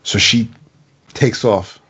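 A man's voice: on the low side, steady tone, takes it slowly, bright, forceful tone, slightly rough. A man casually reviewing a comic, recapping the plot in a rambling way with stammered restarts.

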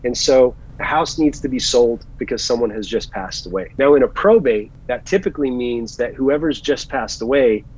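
A man talks through his acting career in a relaxed interview, animated and earnest as he tells his stories. His voice is husky. The recording sounds dull and lo-fi. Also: medium pitch, normal speed, few pauses. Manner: animated storyteller, chatty and earnest. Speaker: guest actor. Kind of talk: casual interview chat.

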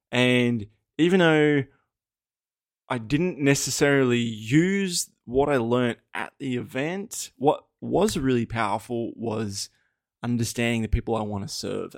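A man's voice: medium pitch, dry recording. Young Australian male podcast host, loose and candid, swears freely and laughs often, dry close sound. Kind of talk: casual solo podcast storytelling.

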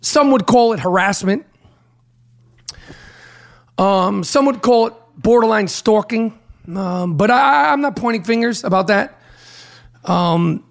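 A hoarse man hosting a podcast, talking in a brash, profane, rambling way full of fillers. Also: high voice. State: hoarse from a throat problem. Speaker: podcast host. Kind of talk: casual podcast monologue with host-read ad.

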